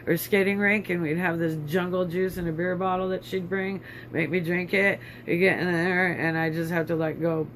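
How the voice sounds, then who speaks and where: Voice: mid-range voice, a bit bright, slight background noise. An adult vlogger telling a long personal story in a rambling, bitter, indignant way, with many fillers.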